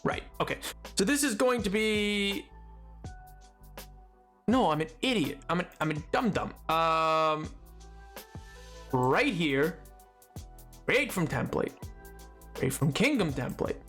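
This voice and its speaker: A man's voice: high-pitched, lively intonation, slow, long pauses, fairly bright tone, soft background music. A man streaming live, chatting casually with viewers in a rambling, self-mocking way and laughing often.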